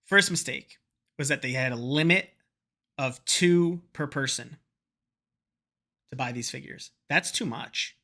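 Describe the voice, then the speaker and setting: A man's voice: mid-range voice, a little slow, pauses often, sharp tone. A man vlogging, telling a rambling, profane story in a casual chat to camera and slipping into quoted voices.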